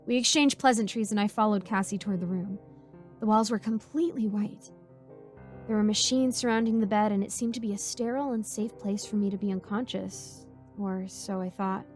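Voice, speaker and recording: A woman narrating a first-person horror story in an even storytelling manner. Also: mid-range voice. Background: faint music.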